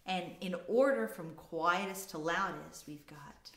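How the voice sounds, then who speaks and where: A woman leading a children's choir lesson from home, demonstrating musical terms in a lively repeat-after-me way. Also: fairly low pitch, measured pace. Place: home room. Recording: echoey room with faint music.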